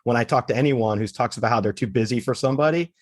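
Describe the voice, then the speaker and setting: Earnest man interviewer. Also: mid-range voice. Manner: earnest, measured, sets up questions. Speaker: co-host, interviewer. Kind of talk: interview questions.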